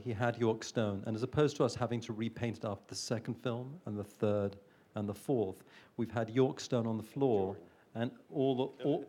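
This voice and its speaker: A male producer speaking at a panel, his voice sitting at an ordinary middle pitch. He talks thoughtfully and haltingly, often restarting his sentences. His tone is easy and conversational. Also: dark tone. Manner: thoughtful, hesitant with frequent restarts. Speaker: film producer. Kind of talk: panel talk.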